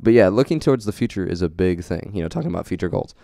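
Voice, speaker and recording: Deep-voiced young man, earnest podcast co-host. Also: lively intonation, racing, gravelly, mellow, dry recording, clean studio sound. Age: young adult. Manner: earnest, rambling, motivational. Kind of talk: casual chat.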